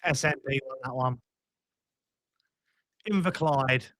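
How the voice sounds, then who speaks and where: A man's voice: mid-range voice, slow pace, fairly bright tone, dry recording, rough recording. A young British man hosting a live stream, ranting casually about politics, swearing freely and restarting his sentences.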